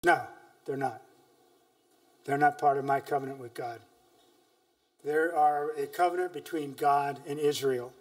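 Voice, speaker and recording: A man's voice: a little high, fairly even intonation, unhurried, long pauses, distant mic. A man preaching a sermon in church, reading scripture emphatically between hesitant, searching remarks.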